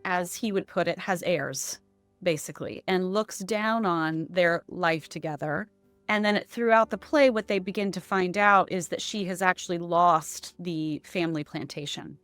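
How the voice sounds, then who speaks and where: A woman's voice: on the low side, dry recording. A woman voice and accent coach explaining her methods in a conversational interview, often checking in with "right?".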